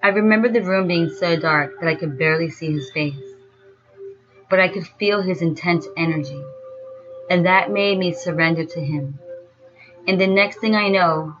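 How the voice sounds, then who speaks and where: A woman telling a first-person story in a slow, dreamy way. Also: lowish voice, a bit bright. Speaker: narrator. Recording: dull lo-fi sound with faint music.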